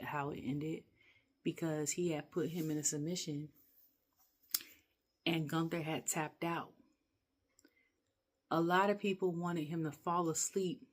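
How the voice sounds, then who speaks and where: Woman, casual rant, rambling, animated, laughing often. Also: low voice. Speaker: wrestling reviewer.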